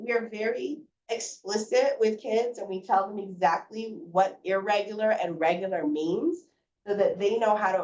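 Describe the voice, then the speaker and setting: A woman teacher explaining reading lessons to parents in a clear, patient way. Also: medium pitch, darkish tone. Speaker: first grade teacher. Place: school room presenting to parents. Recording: roomy, distant, dull sound.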